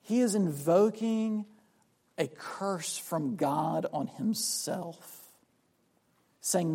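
A man's voice: high-pitched, animated, takes it slowly, mellow. A man from South Carolina preaching a sermon on a Bible passage. He acts out the voices of the people he quotes and repeats words as he restarts his sentences. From South Carolina, USA.

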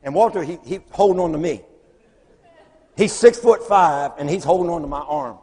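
A man preaching, telling lively stories and acting out the voices of the people in them. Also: a little high, normal speed, breathy edge. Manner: animated storyteller, acts out voices in quotes. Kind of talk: storytelling sermon. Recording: long hall reverb.

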